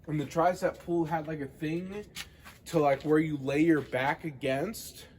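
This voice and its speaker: A man's voice: a little high, fairly even intonation, unhurried, a little mellow, a little hiss or hum. A young man rambling casually to the camera in a vlog, full of filler words and swearing. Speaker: vlogger.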